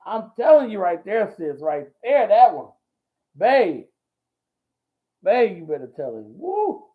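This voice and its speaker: A man hosting a ministry talk show, talking in a folksy, preachy way, repeating himself and whooping with excitement. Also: sits high, takes it slowly. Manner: exclamatory and repetitive, whooping with excitement. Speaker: host. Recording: dull lo-fi audio.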